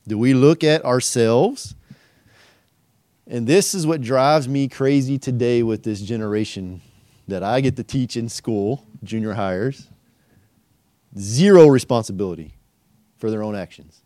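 A man's voice: mid-range voice, sing-song, a little slow, long pauses, darkish tone, dry recording, clean studio sound. A middle-aged man preaching a verse-by-verse sermon, asking rhetorical questions and acting out quoted voices. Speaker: pastor and teacher.

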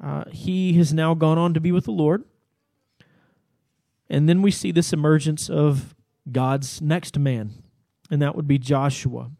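A man's voice: a little high, steady tone, a little slow, vocal fry, mellow, no echo. Conversational man teaching a sermon. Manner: explanatory, conversational with fillers. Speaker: pastor.

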